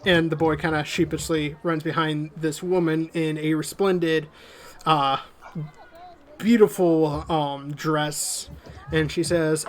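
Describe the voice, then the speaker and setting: Laid-back game master, slightly high voice. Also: male voice, slow pace, a little hiss or hum. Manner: relaxed, many "uh" fillers. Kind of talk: narrating a tabletop game.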